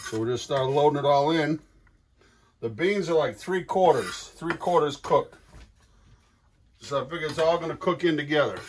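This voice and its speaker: A man's voice: a little high, moderate pace, pauses often, slight background noise. An older man hosting a casual cooking demonstration, talking in a rambling, folksy way full of fillers and restarts. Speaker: cooking show host.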